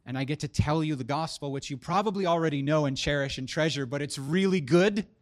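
Animated preaching man, raised pitch. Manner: animated, joking, builds to emphatic punches. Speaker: pastor. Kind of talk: sermon.

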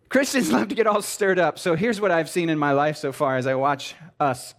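A man giving a comedic sermon to a live audience, animated and sarcastic, jumping between loud exclamations and mumbled asides. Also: mid-range voice, normal speed.

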